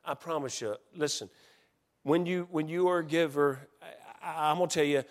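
A middle-aged man preaching a sermon as pastor, stumbling through restarts and building into excited storytelling. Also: fairly high pitch, moderate pace. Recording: long hall reverb.

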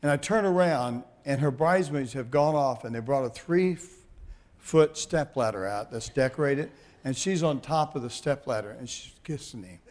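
Older guy preaching, folksy and chatty, laughs at his own stories, mid-pitch voice. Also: normal speed, darkish tone, a little hiss or hum. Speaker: pastor. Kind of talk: sermon storytelling.

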